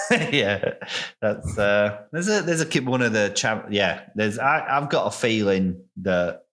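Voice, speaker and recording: A man's voice: lowish voice, animated, slow pace, fairly bright tone. A man co-hosting a comedy podcast, chatting in a giggly, rambling, self-amused way. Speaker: podcast co-host. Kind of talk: casual comedy podcast chat.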